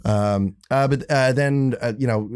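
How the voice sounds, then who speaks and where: A man, a musician guest in a casual chat, rambling and halting as he tells stories. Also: mid-range voice, darkish tone, smooth.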